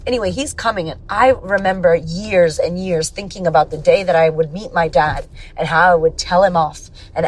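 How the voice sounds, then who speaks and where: A podcast host with a lowish voice delivers a casual motivational monologue, blunt and emphatic, swearing often. There's slight background noise.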